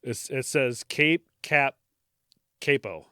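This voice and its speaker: A man's voice: medium pitch, slow pace, sharp tone, clear, resonant tone, no echo, clean studio sound. A man with an American accent co-hosting a podcast in casual chat, easygoing, and he also reads the show's sign-off. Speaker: podcast co-host.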